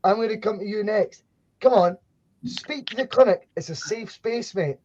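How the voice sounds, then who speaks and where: A man's voice: high-pitched, normal speed, darkish tone, dull audio, slight background noise. A Scottish man hosting a podcast in a joking, laid-back chat, swearing and laughing often. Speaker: podcast host. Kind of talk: casual chat.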